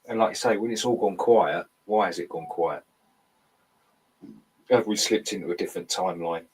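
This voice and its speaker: A man with an Essex accent, calmly explaining things in a casual talk. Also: low voice, normal speed, slightly rough, poor audio. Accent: Essex English. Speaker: podcast co-host. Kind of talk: casual conversation.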